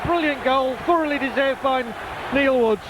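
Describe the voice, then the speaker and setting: Man with a high voice, easygoing football co-commentator with hesitant fillers, loud noise behind him outdoors. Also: normal speed. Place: open-air commentary position at a football ground. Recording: noisy outdoor stadium recording.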